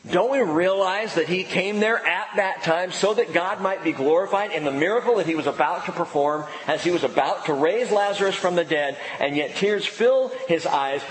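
A man preaching a sermon in an emphatic way, with dramatic pauses and sudden drops to a hushed voice. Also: sits high. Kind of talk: expository sermon. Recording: echoey hall with long reverb, faint background noise.

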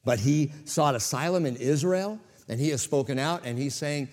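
A man's voice: on the high side, moderate pace, few pauses, darkish tone, in a large hall. A man preaching a sermon as pastor to a church congregation, with dramatic swings in volume.

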